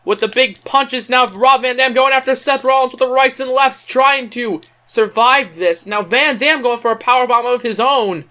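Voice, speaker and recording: A video game commentator doing excitable play-by-play of a wrestling match, playing the big announcer and slipping into casual, laughing asides. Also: high-pitched, normal speed, few pauses. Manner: excitable announcer, keeps repeating "ladies and gentlemen".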